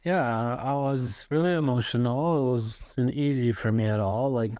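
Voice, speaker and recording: A young man, the host's husband, talking in a casual chat in a hesitant, halting way with many restarts. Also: mid-range voice, a little mellow, no room sound, studio quality.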